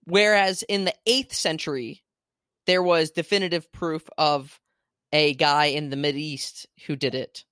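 A man's voice: on the high side, fairly even intonation, a little slow, fairly bright tone, smooth, dry recording, studio quality. Rambling man on a remote chat. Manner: rambling, self-deprecating, restarts often. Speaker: podcast co-host. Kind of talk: casual chat on a video call. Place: home, remote.

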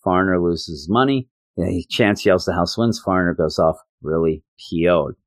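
A man hosting a podcast, casually reviewing a comic book and retelling its scenes with quick quoted lines. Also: low-pitched, dry recording. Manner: animated retelling, quoting characters in quick bursts. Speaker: podcast host.

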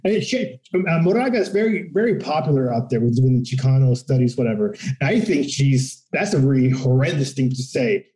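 A man talking in a casual, profane political discussion, animated and acting out quotes of other people. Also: medium pitch, fairly quick, few pauses, echoey room, low-quality recording.

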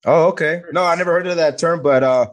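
A man's voice: a little high, quick pace. Hesitant male host, full of "uh"s. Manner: hesitant, many "uh" fillers. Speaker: podcast host. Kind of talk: casual conversation.

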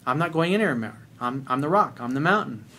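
A middle-aged man giving blunt, profane dating advice in an animated monologue. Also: medium pitch, a little fast, a little hiss or hum. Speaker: dating coach.

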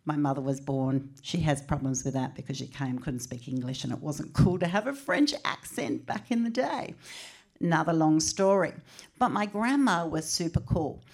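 A middle-aged woman with an Australian accent, telling personal stories in an animated, chatty way at a book launch. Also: low voice, moderate pace. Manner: animated, chatty storyteller who acts out quotes. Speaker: author speaking at a book launch. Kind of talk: personal storytelling speech.

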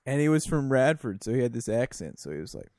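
A man's voice: medium pitch, sing-song, fast, darkish tone. A laid-back man co-hosting a casual sports chat, telling stories. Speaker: podcast co-host.

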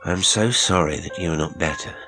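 A man voicing a charming young swindler who talks in a smooth, smiling, falsely reassuring way. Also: low voice, fairly quick, sharp tone, soft background music. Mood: smooth menace.

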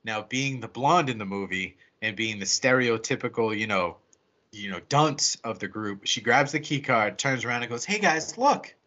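A man casually retelling a film's plot on a podcast, swearing freely and slipping into quick voices for the characters. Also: on the low side, pushed and bright, muffled recording. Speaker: podcast co-host. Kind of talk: casual movie recap.

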